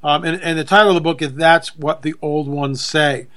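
A man's voice: fairly high pitch, fairly even intonation, moderate pace, fairly bright tone. A middle-aged man hosting a radio talk show, chatty and self-deprecating, in a folksy manner. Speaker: radio host.

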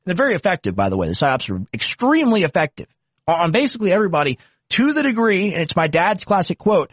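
A man's voice: high-pitched, very animated, quick pace, husky, no room sound. A young man commenting on video clips, indignant and mocking. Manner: indignant, mocking, puts on silly voices. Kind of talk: political commentary.

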